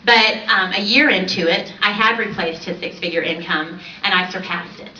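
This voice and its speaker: A woman in her thirties telling her personal story to an audience on a stage, animated and often laughing. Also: on the low side, moderate pace. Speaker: conference speaker. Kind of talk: personal success story speech. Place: large event stage. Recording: roomy, distant, dull, slightly noisy.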